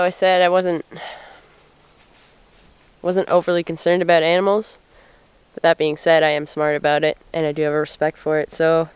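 A woman's voice: on the low side, smooth, dry recording. Groggy woman vlogging in the woods. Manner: chatty, rambling, with many fillers. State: groggy morning voice. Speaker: bushcraft vlogger. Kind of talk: casual outdoor vlog. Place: outdoors in the woods.

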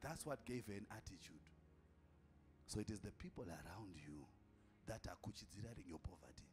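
A man preaches a sermon as an apostle in a lowish, expressive voice at a fairly quick pace, with music in the background. He's emphatic, calls out to the congregation, repeats lines for effect, and sometimes shouts.

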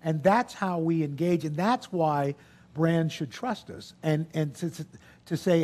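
A guest speaker in his sixties, this man has a voice that's high for a man, and he talks in a relaxed, chatty, unhurried way. On stage in an event hall before an audience, he tells animated anecdotes as a lively storyteller, acting out the people he quotes, then slides easily into business talk.

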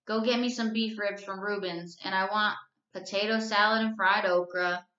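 A woman's voice: medium pitch, fairly even intonation, moderate pace, pushed and bright, echoey room, muffled recording, close to an everyday voice. A woman reading the part of a middle-aged father who runs a store and speaks plainly and directly, in a storybook reading.

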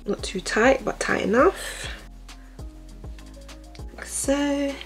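A woman's voice: sits high, very slow, gravelly, over music. A young woman chatting casually through a hair tutorial, talking into a phone at home. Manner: relaxed, chatty, step-by-step. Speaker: hair vlogger.

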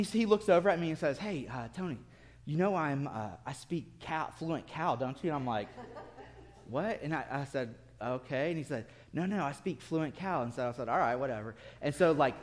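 A man preaching a sermon as pastor, telling a story with bursts of laughter and then dropping to quiet intensity. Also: fairly high pitch. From city-raised. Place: church sanctuary. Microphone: lectern mic at a podium.

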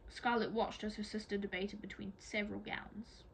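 A woman reading a novel aloud as an amateur audiobook reader, in a steady, plain storytelling manner. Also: mid-range voice, normal speed, gravelly, slight background noise, low-quality recording.

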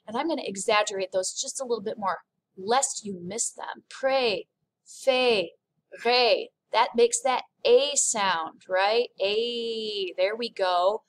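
A woman with a fairly high voice teaches a class at an unhurried pace. She spells things out with careful, deliberate enunciation. She breaks it up with light, playful asides. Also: slight background noise. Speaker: French teacher. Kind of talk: classroom lesson.

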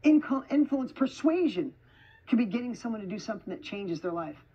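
An energetic woman motivational speaker addresses a crowd in an event hall, punching key phrases and repeating them for effect. Her voice sits fairly high and has a husky edge. The recording sounds dull and lo-fi. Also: brisk. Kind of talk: motivational speech to a live and online audience.

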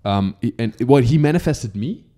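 A man's voice: medium pitch, expressive, normal speed, dark tone. A man from Germany hosting an uncensored podcast, teasing his guest with provocative, profane questions in casual chat. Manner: teasing, provocative, swears freely. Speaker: podcast host.

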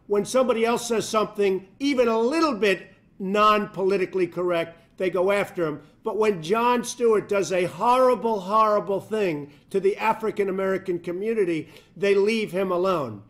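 High-voiced indignant man. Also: normal speed. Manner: indignant, repeats words for emphasis. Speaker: political commentator. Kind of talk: scripted video commentary.

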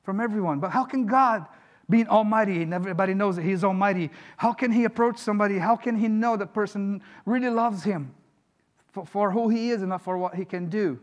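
A man's voice: sits high, brisk, muffled recording. A man preaching a sermon as a pastor in a church, earnest and emphatic, building to questions. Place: church sanctuary.

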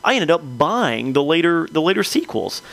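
Gravelly-voiced man talking games. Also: on the high side, big pitch swings, moderate pace, a bit bright, no echo. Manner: rambling, emphatic, many fillers. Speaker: podcast co-host. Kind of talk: casual chat.

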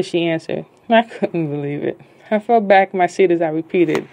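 Author reading her own book aloud: low, mellow woman, casual delivery, corrects her slips as she goes. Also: slight background noise. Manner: halting, stops to correct her own misreadings. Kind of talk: casual read-aloud of a novel.

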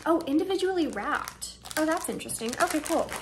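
Talking fairly quickly in a fairly high voice, a young woman runs through her shopping haul with casual excitement, thinking aloud as she tries each snack. She films at home, where a running air conditioner leaves a faint hum under her voice.

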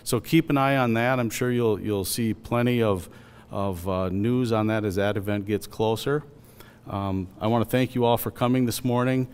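A man with a low, smooth voice opens the meeting in a plain, slightly halting way, with ums and restarts. A long reverb trails his words through the large hall. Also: steady tone, a little mellow. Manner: plain, hesitant introducing. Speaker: state legislator hosting the event. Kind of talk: opening remarks.

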